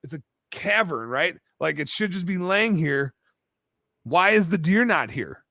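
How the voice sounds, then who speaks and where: A man telling a long story as a podcast guest, animated and full of fillers in casual chat. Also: fairly high pitch, a little slow, dry recording. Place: bar-themed podcast set.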